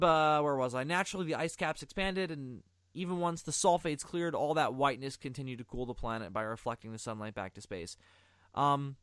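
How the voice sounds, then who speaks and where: A man's voice: medium pitch, a bit bright, dry recording. A young adult man hosting a podcast, reading articles aloud in casual, rambling, profane chat with lots of asides. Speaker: podcast host.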